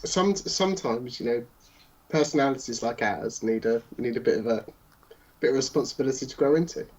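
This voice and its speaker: A man's voice: mid-range voice, a little fast, darkish tone, poor audio. A man playing a tabletop role-playing game, talking wryly with hesitant restarts and frequent chuckles. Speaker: player. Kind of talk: tabletop role-play banter.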